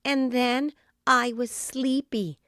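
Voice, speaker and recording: A woman's voice: high-pitched, fairly even intonation, slow pace, pushed and bright, smooth, no echo, clean studio sound, full character voice. A woman voicing a sheepish, apologetic little girl in a children's storybook. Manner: sheepish, pleading.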